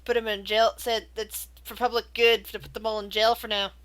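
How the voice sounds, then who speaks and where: A woman voicing a pipe-smoking male satyr villager in a tabletop game, talking in a hesitant, halting way. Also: on the high side, little pitch movement, fairly bright tone, close to an everyday voice. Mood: easygoing. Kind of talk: tabletop role-play voice.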